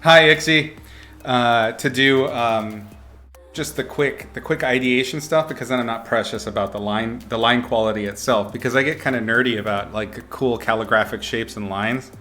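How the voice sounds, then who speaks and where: A man's voice: medium pitch, fairly even intonation, normal speed, sharp tone, faint music behind. A man teaching art on a livestream, giving casual critiques in a playful, upbeat way with mock-brutal jokes. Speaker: art instructor streaming.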